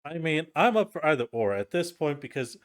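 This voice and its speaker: A man's voice: a little high, sing-song, brisk. A man playing in a tabletop game, chatting casually and playfully as a player. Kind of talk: tabletop role-play chat.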